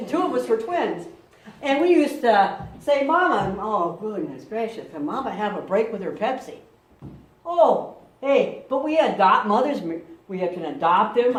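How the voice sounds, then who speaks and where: A middle-aged woman pastor preaching a lively, conversational sermon and acting out quotes. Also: mid-range voice. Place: church sanctuary. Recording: echoey room, mic from far off.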